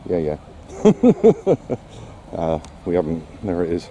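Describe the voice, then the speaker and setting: A man's voice: deep voice, level tone, fairly quick, mellow, dull audio, a little hiss or hum. A man giving casual vlog commentary outdoors while walking his dog, full of wry, sarcastic asides. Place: outdoors on a seaside quay.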